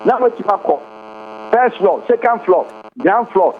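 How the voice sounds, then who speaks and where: A man's voice: sits high, lively intonation, a little slow. A man giving impassioned political commentary as a radio guest, switching between Twi and English and firing off rhetorical questions. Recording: tinny phone-line radio audio with faint hum.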